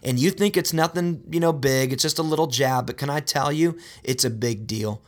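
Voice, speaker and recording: A man's voice: mid-range voice, normal speed. A man preaching a sermon in an earnest, direct way, often calling his listeners "guys" and repeating words for emphasis. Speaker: pastor.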